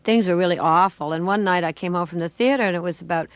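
An older woman, a guest, telling a long story with animated, acted-out voices and laughter. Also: on the low side, fast talker, clear, resonant tone, no echo.

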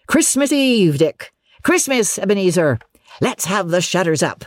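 A reader voicing a jovial, fat old male merchant who calls out in hearty, booming shouts, pitched well above the narration. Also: very animated, unhurried, no room sound, studio quality. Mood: jolly.

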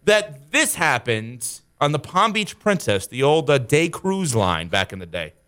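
A man's voice: medium pitch, sing-song, unhurried, pushed and bright, clean tone. A man hosting a sports radio show in a studio, joking and teasing his co-hosts and laughing easily. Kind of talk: casual studio chat.

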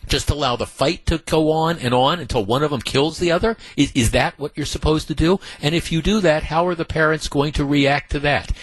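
A man's voice: a little high, a little fast, hardly any pauses, no room sound, rough recording. A man hosting a talk radio show, delivering indignant, emphatic commentary full of rhetorical questions into a studio microphone.

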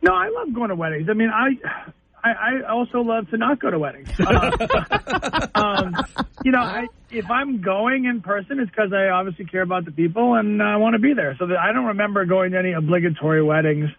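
A man's voice: sits high, animated, brisk. A middle-aged man chatting as a weekly guest on a radio show, rambling and self-deprecating, on a dull lo-fi line. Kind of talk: casual chat.

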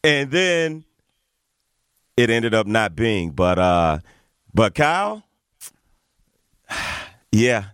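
A man co-hosting a radio morning show in casual chat, easygoing and measured, with frequent filler words. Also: on the low side, big pitch swings, fairly bright tone, clean tone, no echo, clean studio sound.

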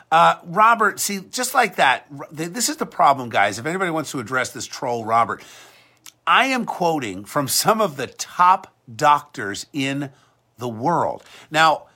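A man's voice: a little high, pushed and bright. A man hosting a talk show, delivering an emphatic, combative monologue that often repeats words and restarts when heated. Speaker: podcast and show host. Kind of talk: talk-radio style monologue.

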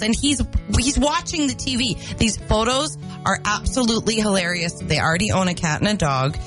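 A woman co-hosting a morning radio show who tells a light news story in a playful, animated way. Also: mid-range voice. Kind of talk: casual morning show banter and story segment.

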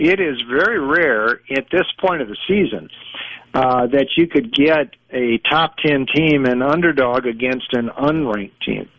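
Man, sports betting analyst guest, measured, analytical, dull dry phone line. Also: mid-range voice, no room sound. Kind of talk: radio phone interview.

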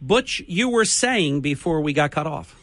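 A man's voice: a little high, lively intonation, a little slow, a bit bright. A man hosting a morning talk radio show, talking in an emphatic, chatty way.

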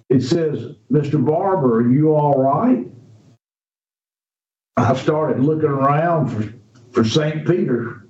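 An older man with a drawl tells a story in a folksy, unhurried way. His words come very slowly and steadily. He sits back from the mic in a roomy space, and the sound is muffled. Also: a little high, a little mellow. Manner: slow, folksy, drawn-out storytelling. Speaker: radio guest. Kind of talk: storytelling in a radio interview. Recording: roomy, distant, dull radio recording.

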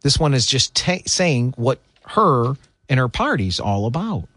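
A man's voice: mid-range voice, very animated, measured pace, fairly bright tone, no echo. A man hosting political talk radio, delivering opinionated commentary in an indignant, emphatic way. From United States.

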